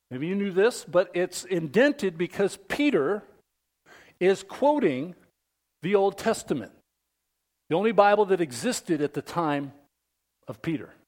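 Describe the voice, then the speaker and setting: A high-pitched man preaching a sermon in a slow, deliberate cadence. He puts questions to his congregation and swings from ringing declarations down to near-whispers for emphasis. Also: darkish tone. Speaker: pastor.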